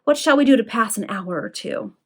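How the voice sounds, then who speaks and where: A woman's voice: a little high, expressive, brisk, creaky. A woman reading the part of a boastful young lord who talks in a hearty, blustering way.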